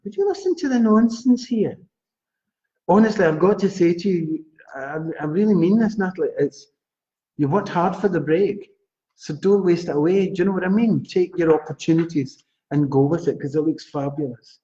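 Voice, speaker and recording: Scottish male psychic host, chatty live stream, higher mellow voice, lo-fi sound. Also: moderate pace. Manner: chatty, animated, addresses viewers by name. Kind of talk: live-stream readings chat. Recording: dull lo-fi livestream audio.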